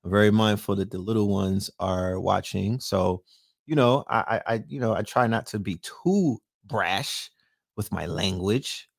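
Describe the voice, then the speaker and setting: With a voice on the low side, a little slow and marked by vocal fry, a man hosts a late-night livestream. His style is brash, profane trash talk, full of rhetorical questions and asides aimed at viewers, captured in studio quality with no room sound.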